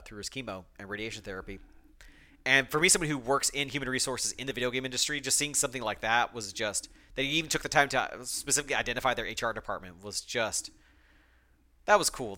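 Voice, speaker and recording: A man's voice: medium pitch, sharp tone. A young man hosting a solo podcast, talking emotionally with many fillers and restarts, choked up at times. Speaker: podcast host.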